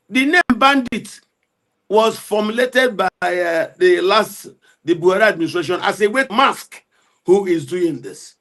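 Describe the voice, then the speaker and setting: A man giving heated political commentary, forceful and repetitive as he argues. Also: high voice, animated, normal speed.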